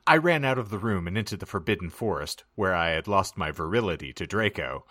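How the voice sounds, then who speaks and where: A man hosting a podcast, giving a comic dramatic reading with wry deadpan narration and mock-grand asides. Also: sits low, fairly quick, few pauses, no room sound, studio quality. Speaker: podcast host.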